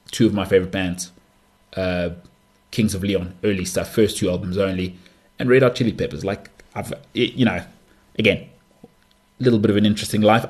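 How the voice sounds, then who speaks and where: Husky-voiced South African man, rambling. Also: fairly low pitch. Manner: joking, rambling, full of asides and restarts. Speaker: podcast host. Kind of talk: casual solo podcast monologue.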